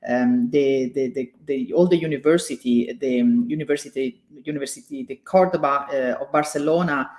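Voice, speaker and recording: Halting woman giving a welcome speech. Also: a bass voice, a little mellow. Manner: halting, many fillers and restarts. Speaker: president of the organization, opening host. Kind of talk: hesitant welcome speech with thanks.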